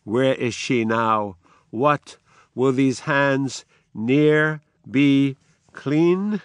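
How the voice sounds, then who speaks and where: A man voicing a guilt-haunted, sleepwalking queen, reciting her lines slowly in a slightly raised voice. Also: medium pitch, clear, resonant tone, no echo.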